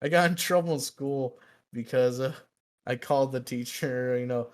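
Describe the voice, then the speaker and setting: A man's voice: medium pitch, normal speed. A young man co-hosting a podcast, telling a rambling, profane story and laughing at himself. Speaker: podcast co-host. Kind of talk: casual storytelling chat.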